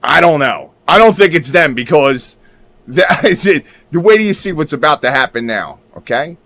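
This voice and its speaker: A man's voice: on the high side, animated, normal speed, fairly bright tone. A man giving casual commentary while showing his screen; he talks emphatically, swears now and then, and keeps checking in with his viewers. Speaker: video creator.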